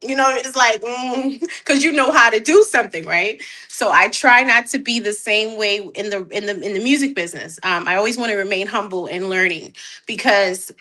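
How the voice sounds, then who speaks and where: Bright, animated woman with a lilt. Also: medium pitch, normal speed. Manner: animated, laughs often, repeats words. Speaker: guest artist. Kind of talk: casual interview chat.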